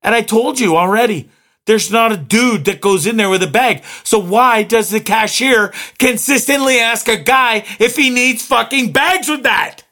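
A man's voice: very high-pitched, moderate pace, sharp tone. A man letting loose a profanity-laced rant straight to the camera. He sounds thoroughly exasperated and keeps building to sarcastic outbursts. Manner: swearing, exasperated, mimics cashiers mockingly. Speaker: vlogger.

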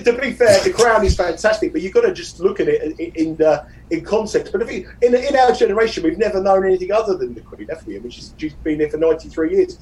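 Fast-talking South London man, far off. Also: high-pitched, a little mellow, slight background noise. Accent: South London English. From South London, England. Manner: quick, chatty, self-deprecating. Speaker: podcast guest. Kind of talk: casual chat.

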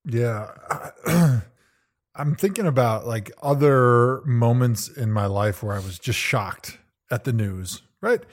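A man in his thirties co-hosting a podcast, reflecting on memories and asking measured questions. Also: medium pitch. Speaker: podcast co-host. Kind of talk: casual conversation.

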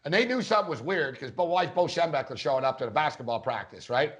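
A man's voice: on the high side, expressive, fast talker. A man co-hosting a casual sports podcast, telling a long rambling story and acting out quotes along the way. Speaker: podcast co-host.

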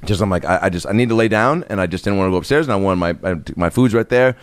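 A man's voice: lowish voice, racing, no echo. A man hosting a podcast, telling stories in casual chat, swearing freely and acting out other people's lines. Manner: animated storyteller, swears freely, acts out quoted voices. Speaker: podcast host.

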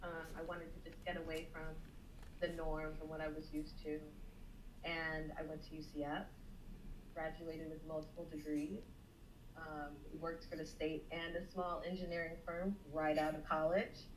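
Animated woman guest in an echoey room. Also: deep voice, normal speed. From South Florida. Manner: animated, acts out quotes. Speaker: guest, small business owner. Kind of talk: interview storytelling. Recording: echoey room with faint noise.

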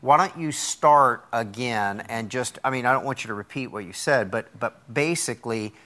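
A man's voice: medium pitch, moderate pace, bright, forceful tone. A man hosting a Christian talk show, enthusiastic and reacting to his guest. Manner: enthusiastic, reacts with frequent wows. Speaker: host.

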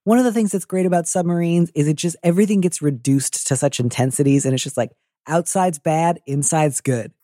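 A man's voice: fairly high pitch, brisk, dark tone, no echo, studio quality. A man hosting an advice podcast, chatting casually with playful, wry asides. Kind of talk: casual chat.

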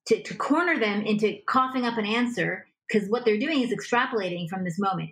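A woman relationship coach talking in a conversation, animated and acting out little example dialogues. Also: medium pitch, a little fast, few pauses, rough recording.

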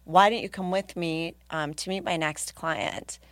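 Woman putting on an older psychic guy, vague foreign accent, slow and knowing, dry sound. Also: deep voice, fairly even intonation, no room sound. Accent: vague put-on foreign accent. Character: older male palm reader, confident mystic.

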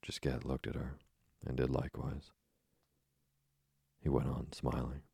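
A man narrating an audiobook in a measured, even manner, with a deep, husky voice. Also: dry recording, clean studio sound. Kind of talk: scripted narration.

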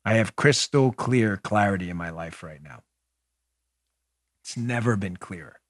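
A man's voice: on the low side, lively intonation, unhurried, dry recording, studio quality. A man hosting a political opinion podcast, talking earnestly and with emphasis, straight to his listeners and sometimes aside to a partner in the room. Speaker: podcast host.

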